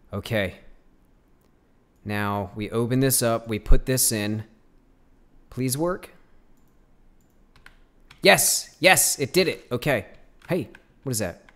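A man hosting a let's play video, chatting casually with viewers as he plays. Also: medium pitch. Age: adult. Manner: unhurried, chatty, talking to viewers. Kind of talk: casual game commentary.

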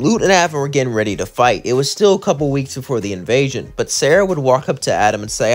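A man's voice: mid-range voice, very animated, fast talker, few pauses, faint music behind. Man casually narrating a fan story. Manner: rambling, repetitive "would say" phrasing.

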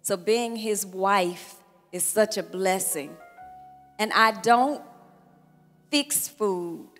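A woman's voice: mid-range voice, drawn-out words, a bit bright. A woman in her sixties, a pastor, giving a thank-you speech at her church celebration and telling a funny story, acting out the dialogue. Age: 60s. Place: church hall event. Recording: long-reverb hall with music behind.

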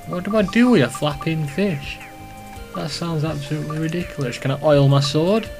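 A young man giving rambling, profane commentary while playing a video game, excitable and talking to himself. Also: fairly high pitch, moderate pace, over music. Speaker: let's play host. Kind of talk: casual gameplay commentary.

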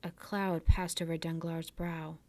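Library storytime reader, woman, low steady voice, dry close sound. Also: unhurried, no echo. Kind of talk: reading a classic novel aloud.

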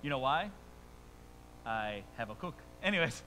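A man's voice: medium pitch, big pitch swings, a little slow, sharp tone, big-room sound, a little hiss or hum, rough recording. A man preaching a sermon as pastor, talking conversationally with humorous stories and rhetorical asides.

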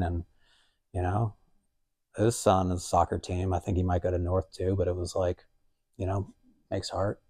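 A man's voice: low-pitched, darkish tone. A young adult man, an artist, talking casually in a museum gallery, rambling with lots of fillers and quoted asides. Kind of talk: casual conversational talk.

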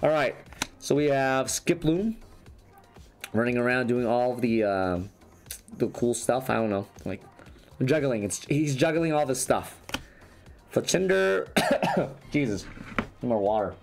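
A man's voice: mid-range voice, unhurried, creaky, pauses often, darkish tone. A man losing his voice, chatting casually as he opens trading card packs and rambles through each card. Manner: rambling, restarts sentences. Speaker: YouTuber opening trading cards. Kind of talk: casual card-opening commentary. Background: faint background music.

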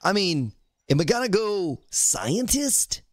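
Lively rambling male game streamer. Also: high-pitched, slow, dry recording, clean studio sound. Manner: rambling, joking, greets chat viewers by name. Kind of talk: casual live-stream chat while playing.

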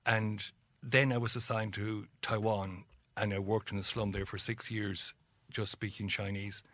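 A man's voice: on the low side, a little slow, no room sound. A middle-aged Irish man, a guest on an interview, telling stories and acting out the voices of people he quotes. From Ireland. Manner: animated storyteller, acts out quoted voices. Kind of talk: storytelling interview.

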